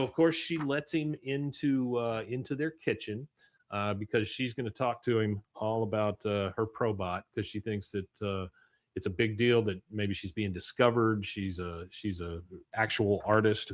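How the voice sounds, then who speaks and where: Animated man recapping an episode. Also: lowish voice, normal speed, no room sound, clean studio sound. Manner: animated retelling, voicing characters' lines. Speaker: podcast host.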